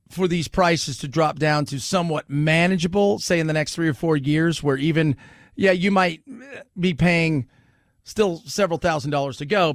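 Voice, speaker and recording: A man's voice: fairly high pitch, no echo, clean studio sound. A man hosting a talk radio show, riffing casually with wry, sarcastic asides and the odd laugh.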